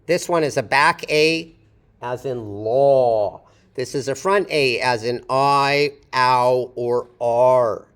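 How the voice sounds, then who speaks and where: A man's voice: mid-range voice, slow, a bit bright, clear, resonant tone. A man teaching pronunciation and reviewing his students' phonetic transcriptions, patiently drawing out each sound as he demonstrates it.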